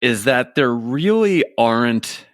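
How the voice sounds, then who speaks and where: A man's voice: medium pitch, slow, dry recording. A man from New York City, guest author on a podcast, chatting casually with dry jokes. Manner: dry joking, animated quoting.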